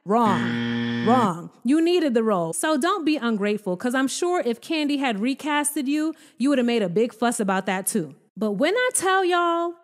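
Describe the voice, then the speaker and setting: A woman giving a sassy, exasperated recap of a reality show, her voice swinging up and down in pitch. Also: animated, normal speed, hardly any pauses. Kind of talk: casual commentary.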